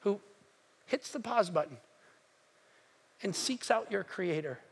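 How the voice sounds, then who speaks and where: A male pastor preaching a sermon, retelling a story with animated acted-out voices and direct questions to the congregation. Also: high voice, slow pace, creaky, husky.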